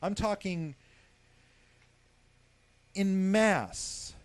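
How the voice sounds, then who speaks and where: A man's voice: sits high, very slow, no room sound. A man hosting a casual talk show, talking in a heated, profane way and leaning on the word "basically.". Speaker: host.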